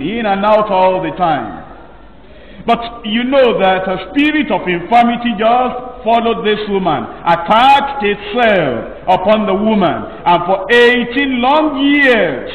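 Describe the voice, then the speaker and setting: A man with a high voice delivers a sermon at an unhurried, deliberate pace. He leans on each phrase with emphasis. The sound is dull and distant, caught from far off in an echoey hall with a long reverb tail. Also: slight background noise. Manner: slow, emphatic preaching with drawn-out phrases. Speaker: pastor.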